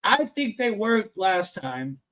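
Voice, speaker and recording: A man's voice: sits high, very animated, slow, fairly bright tone. A man hosting a live stream panel, reading and ranting about the news in a crude, profane, brash way.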